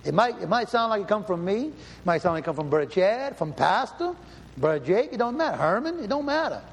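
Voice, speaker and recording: A man's voice: high-pitched, big pitch swings, brisk, slightly rough. A man preaching a sermon and reading scripture aloud, emphatic and questioning, often repeating himself. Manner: emphatic, repeats and rephrases, asks the room questions. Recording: hall reverb, faint ambience.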